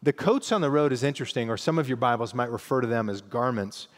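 A man's voice: mid-range voice, fast talker, in a large hall. A man preaching a sermon as pastor, teaching in a conversational way and reading scripture aloud with emphasis.

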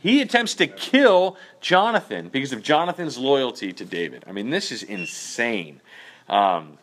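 Male Bible study leader, mid-pitched, chatty teaching with frequent check-ins. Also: sing-song, unhurried, a bit bright. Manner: conversational, many fillers and "okay?" checks. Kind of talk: casual teaching.

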